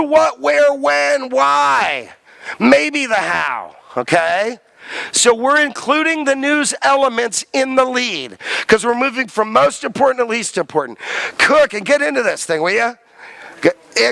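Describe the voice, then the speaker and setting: A male college lecturer with an unusually high, bright, gravelly voice, recorded dry and close. He talks emphatically, quizzes his students and drills the key terms again and again. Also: no room sound. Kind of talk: classroom lecture. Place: lecture classroom.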